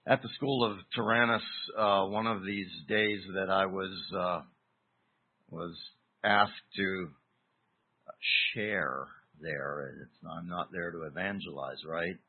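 A man delivers a verse-by-verse sermon at an unhurried pace, leaning on key words with deliberate pauses. His voice is husky, and the recording sounds thin and tinny, like a phone line. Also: deep voice, fairly even intonation. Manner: deliberate, emphatic teaching with pauses. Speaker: preacher. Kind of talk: expository sermon.

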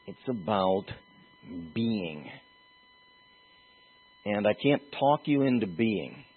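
A man preaching a sermon as pastor, earnest and emphatic, with pauses and restarts. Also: lowish voice, husky. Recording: tinny phone-like lo-fi sound.

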